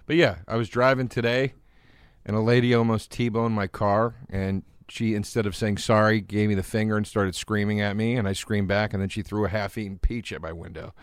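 Rambling, self-deprecating comedian, lowish voice. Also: male voice, no room sound. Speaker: guest comedian. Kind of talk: casual chat.

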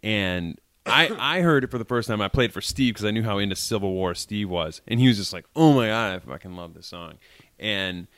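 Give me a low-voiced man in his forties, faint Massachusetts accent, rambling easily through stories as a podcast guest, recorded dry and close. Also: brisk, no echo. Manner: relaxed storyteller, hesitant, fillers. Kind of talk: casual chat.

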